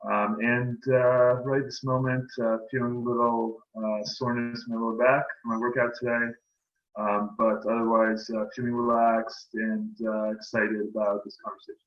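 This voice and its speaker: A man giving a halting check-in with many fillers over a video call. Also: mid-range voice, flat delivery. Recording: muffled video-call audio.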